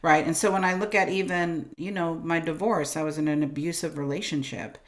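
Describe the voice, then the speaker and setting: A woman guest on a podcast interview, telling her story in an animated way, acting out her own thoughts and swinging between quiet and loud. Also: sits low, a little fast. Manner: animated, acts out voices of herself and God, swings loud and soft. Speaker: guest, business coach.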